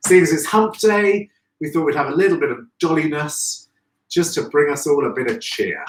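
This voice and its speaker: Man, gushing live-stream host, fairly high voice, roomy distant sound. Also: expressive, moderate pace, slight background noise. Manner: chatty, effusive, greets viewers by name. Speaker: host of a live florist show. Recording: echoey room, distant from mic.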